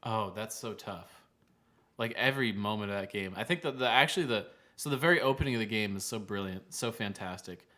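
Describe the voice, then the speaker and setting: A man's voice: lowish voice, fairly quick, sharp tone. A man co-hosting a casual podcast chat, talking eagerly and leaning on filler words. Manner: enthusiastic, many "like" fillers. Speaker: podcast co-host.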